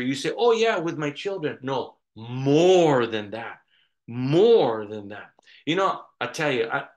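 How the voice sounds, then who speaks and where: Man, pastor, rambling sermon, lively storytelling, slightly high pitch. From United States. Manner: rambling, animated storytelling with restarts.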